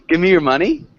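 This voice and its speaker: A man teaching an online English class, encouraging his students, laughing often and correcting them slowly. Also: sits high, husky, dry recording, muffled recording.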